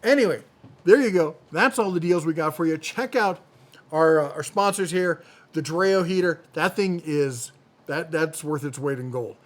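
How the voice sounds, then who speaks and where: A man's voice: fairly high pitch, moderate pace. A man hosting a tool deals channel, running through product deals in a chatty, jokey way and often correcting himself mid-sentence. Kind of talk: casual product deal rundown.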